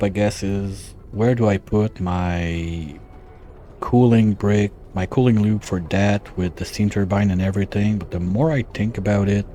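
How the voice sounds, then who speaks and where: A man's voice: sits low, warm tone, a little hiss or hum. A man giving casual let's-play commentary, thinking aloud and muttering his calculations as he plans. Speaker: gameplay streamer.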